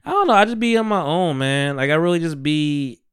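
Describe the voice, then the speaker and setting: A man's voice: fairly high pitch, expressive, fairly quick, a bit bright, clean tone, no room sound, studio quality. A man hosting a podcast, chatting casually in a rambling way, with many restarts and easy laughs. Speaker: podcast host. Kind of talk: casual chat.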